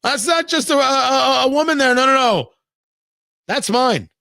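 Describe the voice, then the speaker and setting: A man's voice: very high voice, expressive, moderate pace, creaky, sharp tone, no echo, clean studio sound. A middle-aged man hosting a talk show, delivering an emphatic, sarcastic monologue and acting out imagined conversations. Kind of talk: opinionated talk radio monologue.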